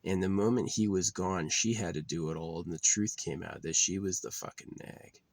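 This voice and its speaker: A man's voice: deep voice, moderate pace, dry recording. A man delivering a bitter, profane, rambling monologue as a vlogger.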